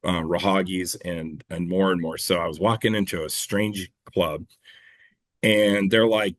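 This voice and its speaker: A man's voice: deep voice, fairly even intonation, unhurried, dry recording. A man in a casual interview, telling stories in a rambling, self-correcting way, swearing freely and laughing at himself. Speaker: clay shooting competitor and coach, guest.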